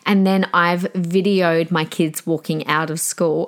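A woman's voice: lowish voice, steady tone, a little slow. A woman in her forties with an Australian accent, hosting a podcast in a chatty, earnest and rambling way. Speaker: podcast host. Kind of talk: casual solo podcast talk.

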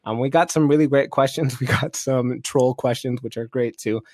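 A man's voice: medium pitch, normal speed, a little mellow, no echo. Laid-back man hosting a podcast, dry sound. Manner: laid-back, laughing, lots of fillers. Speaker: podcast host. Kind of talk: casual chat.

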